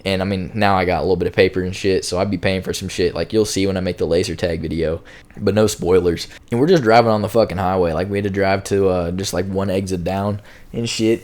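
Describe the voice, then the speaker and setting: A man's voice: low-pitched, darkish tone. A young man casually telling a long, rambling storytime, full of slang and filler words. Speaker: storytime YouTuber.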